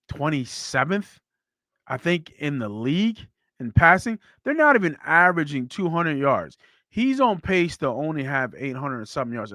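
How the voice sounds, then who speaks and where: A man hosting a sports podcast, talking football in a blunt, animated way that swears freely. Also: fairly high pitch, no room sound, studio quality. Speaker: podcast host. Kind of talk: casual sports talk.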